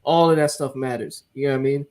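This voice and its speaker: A man's voice: mid-range voice, steady tone, fast talker, darkish tone. A man co-hosting a barbershop podcast, making points earnestly and checking that listeners follow. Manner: earnest, lecturing, often asks "you get what I'm saying?". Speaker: podcast co-host. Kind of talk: casual barbershop chat.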